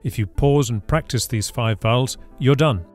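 A man's voice: mid-range voice, moderate pace, darkish tone, soft background music. A man teaching Spanish in a scripted lesson, explaining patiently and saying each example word carefully. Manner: careful, patient explanation with clear model pronunciations. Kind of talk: scripted language lesson narration.

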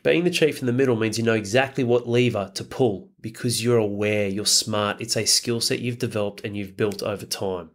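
A man's voice: lowish voice, steady tone, a little fast, hardly any pauses. A man hosting a podcast, giving a blunt, profane motivational monologue full of rhetorical questions. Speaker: podcast host.

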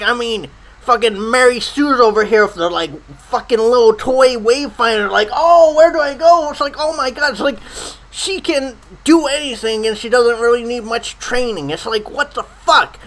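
A man's voice: very high-pitched, fairly bright tone, rough recording. A man in a profane comedic rant, swearing constantly and stammering over his words. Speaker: comedy ranter.

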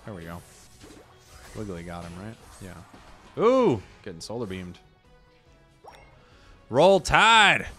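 A man's voice: low-pitched, measured pace, pauses often, faint music behind. A man giving casual, joking commentary while playing a video game, ranting at teammates. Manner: joking, animated, rants at teammates. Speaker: gaming streamer.

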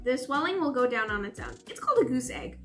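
A woman reading aloud, voicing a quiet, nerdy teenage brother who speaks matter-of-factly. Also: sits high, sing-song, fast, soft background music.

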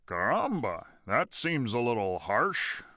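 A man's voice: mid-range voice, sing-song, slow pace, pushed and bright, no room sound, clean studio sound, exaggerated voice. A man voicing a timid, nervous male crewman who pleads fearfully. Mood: pleading.

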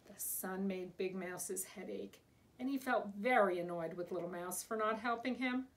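A woman's voice: mid-range voice, normal speed. A woman, a preschool teacher, reading a picture book aloud to young children in a sing-song storytime manner.

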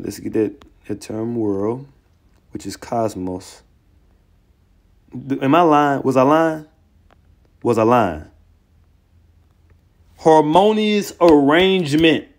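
A man teaching scripture in a heated online sermon, combative and excitable, taunting opponents with profanity, then reading verses aloud and stopping to comment on them. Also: on the high side. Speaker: religious teacher.

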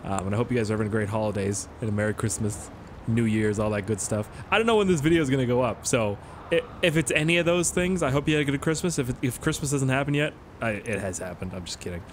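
A man's voice: medium pitch, fast talker, a little hiss or hum. A young Canadian man with a Canadian accent giving rambling, joking gameplay commentary and swearing often. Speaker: gaming YouTuber.

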